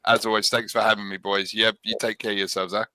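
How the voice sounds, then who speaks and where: A man chatting casually on a live stream, animated and acting out little scenes. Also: on the low side, quick pace, a crowd in the background.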